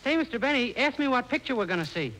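A cheeky boyish radio sidekick. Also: male voice, sing-song, fast talker, a bit bright, full character voice. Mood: teasing. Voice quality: high boyish tenor, teasing. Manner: cocky, wisecracking. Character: cheeky naive young male singer sidekick. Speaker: comic sidekick. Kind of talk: 1940s radio comedy acting. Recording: scratchy 1940s radio broadcast with audience.

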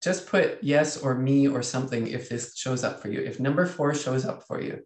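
Male coach, webinar host, lively, reads chat aloud, echoey room. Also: mid-range voice, moderate pace. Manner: lively, reads out chat comments, acts out inner voices. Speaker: leadership coach. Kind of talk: webinar teaching.

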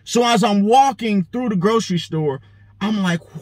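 In a dry recording, a high-pitched male show host relates a story at a measured pace. His monologue is profane and animated, and he plays out the quoted lines of the people involved.

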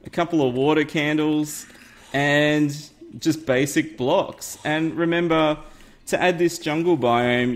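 Upbeat man narrating a game tutorial. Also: fairly high pitch. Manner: chatty, upbeat, laughs at himself. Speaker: gaming YouTuber host. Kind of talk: casual game tutorial commentary. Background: faint game music.

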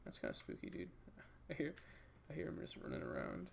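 Man, let's-play commentary, lively up-and-down voice, gravelly, jokey rambling, unhurried. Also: a little high, slight background noise. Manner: jokey, rambling, talks to game enemies. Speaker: gaming channel host.

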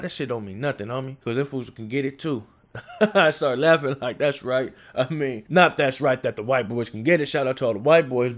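Man in his 20s from California, casual street storyteller, loose and laughing. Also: medium pitch. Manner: streetwise slang, laughs often, animated retelling.

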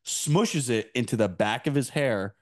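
A man's voice: medium pitch, a little slow. A man from New Jersey hosting a casual podcast, telling stories in a blunt, profane way. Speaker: podcast host.

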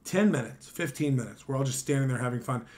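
A man's voice: medium pitch, fast talker. A tired man on a late-night stream, casually telling a story with swearing and mimicking the people in it. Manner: animated, swearing, mimics others.

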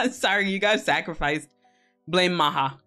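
Low-voiced, giggly, cussing woman streamer. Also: animated, a little slow, pushed and bright, faint music behind. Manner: giggly, teasing and profane, greets viewers by name. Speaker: streamer hosting a co-working stream. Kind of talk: casual live-stream chat with viewers.

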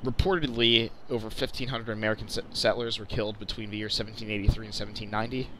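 A man's voice: on the low side, little pitch movement, fast talker. A young man hosting a casual flight simulator tour, chatting along with many fillers and restarts over a faint background hum. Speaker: video host. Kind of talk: casual flight sim commentary.

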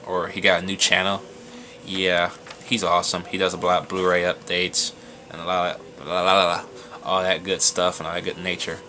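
A young man in a casual, rambling vlog monologue, giving shoutouts with loose, profane talk that stumbles over names. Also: low-pitched, slight background noise.

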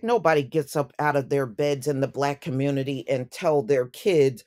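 A woman's voice: very deep voice, moderate pace, hardly any pauses, darkish tone. A woman delivering an opinion commentary vlog, speaking emphatically and indignantly and repeating phrases for effect. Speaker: YouTube commentator.

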